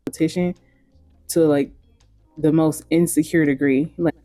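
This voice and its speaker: A woman host gives opinionated commentary in a mellow, dark-toned voice. She talks bluntly and frankly and swears casually. The recording sounds dry, with faint music underneath. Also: deep voice, steady tone, normal speed, no echo.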